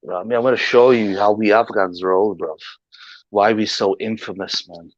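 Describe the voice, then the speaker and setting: A man with a lowish, steady voice talks a little fast while hosting a livestream, ranting heatedly with plenty of slang, aggression and profanity. His dull lo-fi stream audio has no echo.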